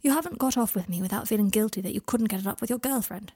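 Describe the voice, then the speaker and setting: A woman's voice: mid-range voice, very fast, mellow, slightly rough. A woman voicing a confident, coaxing young man in a spoken fan fiction reading. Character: young man, earnest and self-assured.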